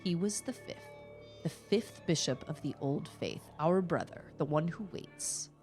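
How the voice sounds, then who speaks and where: A woman's voice: low voice, expressive, a little slow, a little mellow, soft background music. A woman voicing a mournful follower of an old faith in a video game, reading the lines in a grave, solemn way.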